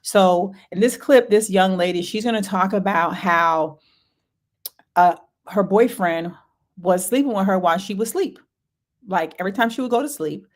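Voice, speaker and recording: A woman hosting a talk show, speaking earnestly and deliberately with trailing pauses. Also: on the low side. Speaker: podcast host.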